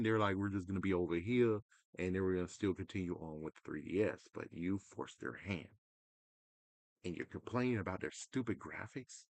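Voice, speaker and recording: Casual gaming ranter, male, deep and dry-sounding, profane and exasperated. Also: dry recording. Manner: exasperated, profane, mocking voices; swings between loud outbursts and muttering. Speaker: gaming commentator. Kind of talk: casual rant to camera.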